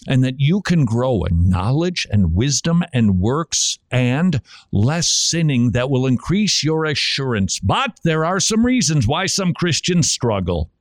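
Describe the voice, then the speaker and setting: Brief: male preacher-host, lively pitch, insistent rhetorical questioning, dry close mic. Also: measured pace, hardly any pauses, no room sound. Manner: emphatic, rhetorical questions to listener. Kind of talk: preaching-style podcast talk.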